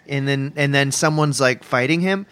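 A man's voice: medium pitch, moderate pace, a bit bright, clean tone, no echo. A man co-hosting a podcast, joking and rambling as he searches for words in improvised comedy chat. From Canada. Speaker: podcast co-host.

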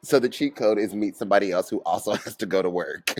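A man's voice: lowish voice, fast, a little hiss or hum. A man co-hosting a podcast in casual chat, rambling and profane, laughing through his sentences. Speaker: podcast co-host.

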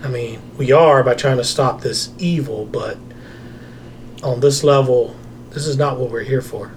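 A man playing a tabletop game, speaking slowly and trailing off. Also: mid-range voice, darkish tone, a little hiss or hum. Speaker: player. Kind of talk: casual tabletop game chat.

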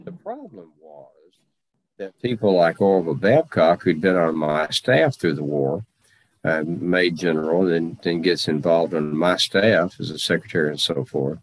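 A man portraying an aging Civil War general and president in first person, speaking with slow, deliberate, formal phrasing. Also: deep voice, expressive. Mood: earnest. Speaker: historical reenactor in character.

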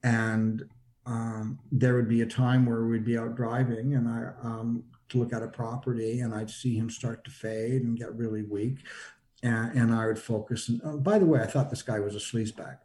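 A man recounting a personal experience in conversational storytelling, halting and full of repeated restarts. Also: level tone, dark tone. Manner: acts out quoted lines with shifts in pitch.

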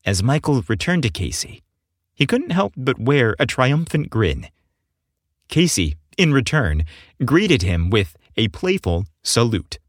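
A man narrating an audiobook story in a slow, expressive reading. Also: mid-range voice, no echo, clean studio sound.

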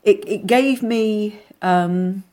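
A woman's voice: mid-range voice, extremely slow. Middle-aged woman, actress, chatty, anecdotal, frequent restarts, interview. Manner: chatty, animated storyteller with many restarts.

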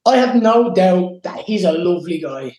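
Young man, Irish accent, high voice, emotional, swearing, echoey room. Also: expressive, normal speed, darkish tone, a little hiss or hum. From Ireland. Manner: intense, emotional, swears freely. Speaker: guest fighter. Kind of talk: casual interview.

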